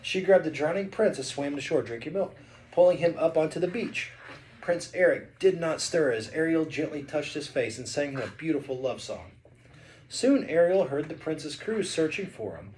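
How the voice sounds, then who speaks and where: A man's voice: on the high side, expressive, normal speed, a little mellow, a little hiss or hum. A man reading a picture book aloud to his child, playful and chatty between passages. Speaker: father reading a bedtime story.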